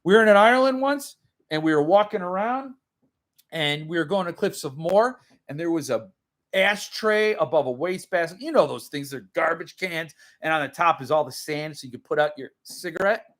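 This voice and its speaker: Streaming from a room at home, a man who runs a book channel chats casually, drifting along and voicing viewer comments. He speaks at a normal speed in a fairly bright, expressive voice that leans high.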